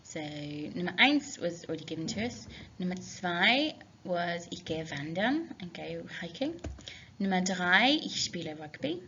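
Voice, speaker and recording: A woman teacher guides students through a recorded language lesson in a chatty, self-deprecating manner, slowing down over the foreign words. Her fairly low voice is very animated, bright and forceful, and the recording is dull lo-fi with faint hiss.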